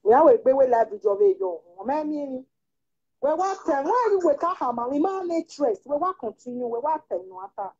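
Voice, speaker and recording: Woman on the phone, high but mellow voice, mostly short mms and quick replies, tinny sound. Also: big pitch swings, slightly rough. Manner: answers with short murmurs and brief replies. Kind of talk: casual phone conversation.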